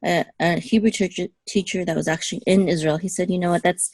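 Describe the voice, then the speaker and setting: Low-voiced woman teaching Hebrew patiently. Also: fairly even intonation, fast, a little mellow, dry recording. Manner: patient, checks in with okay. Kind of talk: one-on-one language lesson.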